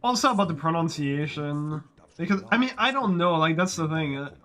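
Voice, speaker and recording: A man chats with his stream viewers, his voice a little higher than most. He wanders through his thoughts with hesitant restarts and filler words. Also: expressive, fairly quick, fairly bright tone. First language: French. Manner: rambling, hesitant, many restarts. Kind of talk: casual live-stream chat, answering viewers.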